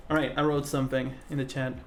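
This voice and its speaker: A live-stream host chatting casually while drawing, rambling with many fillers and self-corrections and often breaking into laughter and excited greetings. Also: mid-range voice, quick pace, faint music behind. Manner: laughs easily, with sudden excited outbursts.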